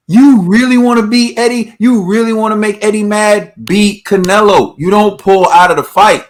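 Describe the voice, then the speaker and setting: A man's voice: high-pitched, steady tone, normal speed, hardly any pauses. A man co-hosting a boxing talk show, ranting emphatically with repeated rhetorical questions. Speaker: boxing podcast co-host. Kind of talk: heated opinion rant.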